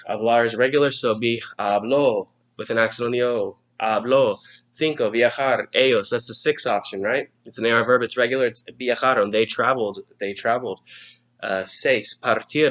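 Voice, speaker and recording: A man's voice: medium pitch, fairly bright tone, lo-fi sound. A male Spanish teacher patiently walking students through an exam review lesson, step by step.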